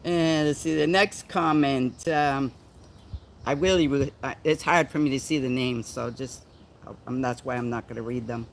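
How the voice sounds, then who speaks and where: A man from the United States hosting a casual livestream chat, reading viewer comments slowly and halting often, with a playful, theatrical, diva-like manner. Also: medium pitch, a little hiss or hum. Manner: slow and halting when reading comments, many ums. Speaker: livestream host.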